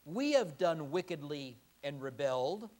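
A man preaching a sermon, acting out quoted prayers in lively voices. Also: on the high side, measured pace. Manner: animated, acts out quoted prayers. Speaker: pastor.

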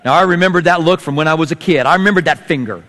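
Preacher man with a fairly high voice in a reverberant hall. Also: very fast, fairly bright tone. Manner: storytelling preacher, acts out voices with big swings in pitch. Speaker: pastor. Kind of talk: sermon.

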